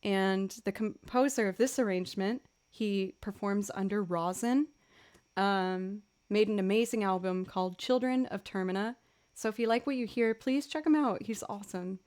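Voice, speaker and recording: A young adult woman, a livestreaming musician, chatting casually with viewers and telling animated stories with laughs. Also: mid-range voice, moderate pace, clear, resonant tone. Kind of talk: casual chat with stream viewers.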